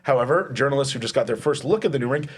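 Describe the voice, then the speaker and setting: A man's voice: mid-range voice, very fast, breathy edge. A man hosting a comedy panel quiz, chatty and rambling, laughing through his lines. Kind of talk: casual comedic panel chat.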